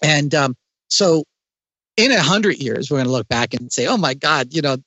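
A man speaking as an interview guest, explaining ideas in a lively way with frequent restarts. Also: fairly high pitch, normal speed, no echo, dull audio. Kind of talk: conversational interview.

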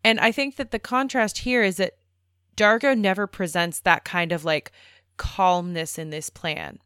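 A woman co-hosting a podcast, arguing her points in an animated, casual way. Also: lowish voice, a little slow, clean tone, no room sound, studio quality. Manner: animated, argumentative. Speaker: podcast co-host. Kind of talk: casual discussion.

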